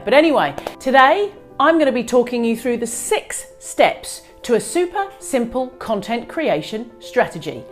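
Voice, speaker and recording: Energetic higher-voiced woman video host. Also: moderate pace, hardly any pauses, faint music behind. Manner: energetic, emphatic, talks straight to the viewer. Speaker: host of a business video show. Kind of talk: upbeat direct-to-camera advice.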